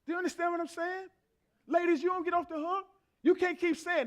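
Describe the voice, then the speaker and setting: In a very high voice with fairly even intonation, a man delivers a brisk sermon to his congregation. He talks conversationally and emphatically, repeating phrases for effect and acting out day-to-day exchanges.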